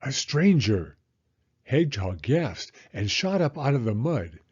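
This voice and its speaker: A man reading a children's picture book aloud in an expressive, animated storytelling manner. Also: medium pitch, measured pace, husky, muffled recording. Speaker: storybook reader.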